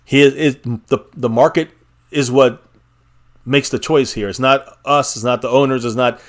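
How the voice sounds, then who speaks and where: A man's voice: mid-range voice, fairly even intonation, moderate pace. A man hosts a casual live stream for sports fans, talking in an everyday mid-range voice. He is opinionated and rambling, doubling back on his words and laughing at his own points. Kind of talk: casual sports fan chat.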